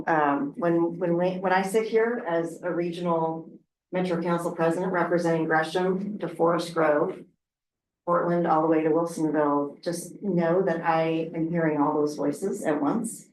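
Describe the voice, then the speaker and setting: At a work session in a city council meeting room, a middle-aged regional council president from Oregon talks frankly and chattily, with laughs and fillers. Her voice is low and darkish, captured from a distance in a roomy space with faint background noise.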